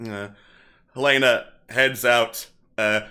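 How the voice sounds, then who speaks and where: A man's voice: medium pitch, fairly even intonation, slow pace, bright, forceful tone. A man narrating a tabletop game as game master, laid-back and chuckling, with many fillers.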